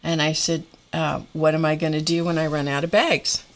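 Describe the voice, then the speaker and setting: A woman's voice: low-pitched, flat delivery, moderate pace. A middle-aged woman hosting a live stream, telling a story in a wry, exasperated way with frequent laughs. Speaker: host of a live art stream. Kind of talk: casual storytelling chat.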